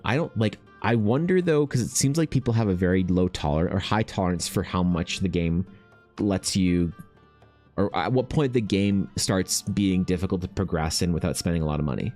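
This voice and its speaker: A man streaming while he paints, chatting casually and ranting with animated swearing. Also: deep voice. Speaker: artist streamer.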